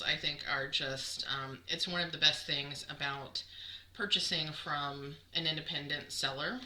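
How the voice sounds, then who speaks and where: A woman's voice: low voice, sharp tone. A woman hosting a knitting podcast, chatting casually and rambling with many ums as she shows off yarn to the camera. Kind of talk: casual show-and-tell chat. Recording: echoey room with clear background noise.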